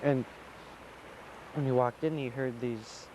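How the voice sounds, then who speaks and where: A man's voice: medium pitch, steady tone, takes it slowly, a little mellow, slight background noise, low-quality recording. A man from Alaska telling a traditional folk tale in a loose, repetitive, conversational way. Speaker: storyteller.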